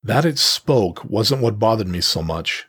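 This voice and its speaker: A man narrating a first-person story in a steady, measured way. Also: on the low side, husky, no echo, clean studio sound.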